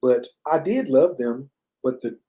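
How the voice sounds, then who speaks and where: A man in his fifties tells his own story in a loose, rambling, conversational way, leaning on fillers as he goes. His voice is mellow and dark, and he speaks at a middling pitch. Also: animated, a little slow, poor audio. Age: 50s. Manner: loose, conversational, many fillers and "you know". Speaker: personal storyteller. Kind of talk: casual personal storytelling. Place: lives in Bali.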